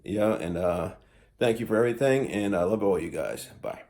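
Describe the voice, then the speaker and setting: A man's voice: lowish voice, normal speed, dark tone. A man giving a casual recorded farewell message to a show, rambling with many fillers and restarts. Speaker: guest sending a recorded message.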